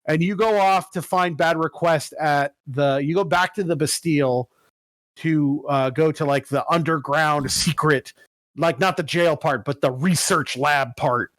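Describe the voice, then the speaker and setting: Animated man telling stories, dry close mic. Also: moderate pace, dry recording. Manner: animated storyteller, acts out quotes with big pitch jumps. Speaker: podcast co-host. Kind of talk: casual chat.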